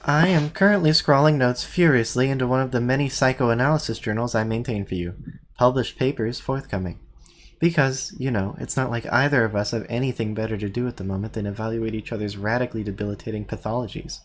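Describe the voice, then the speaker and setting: A reader voicing a dry, sardonic, analytical teenage girl in a deadpan, wordy manner. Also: medium pitch, fast, slight background noise, natural voice. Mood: wry. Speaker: reader and organizer in a group readthrough. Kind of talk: live unscripted fan script reading.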